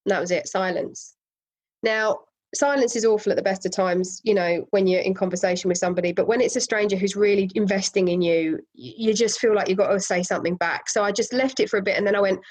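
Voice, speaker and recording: A woman, a property investor as podcast guest, telling a story in a casual, animated way and laughing often. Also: mid-range voice, fast talker, rough recording.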